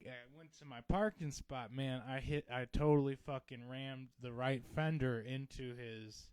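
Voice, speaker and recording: A man co-hosting a comedy podcast, telling a story in casual chat, swearing freely and dropping to low mumbles. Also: fairly even intonation, unhurried, darkish tone, clear, resonant tone, no echo. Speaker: podcast co-host.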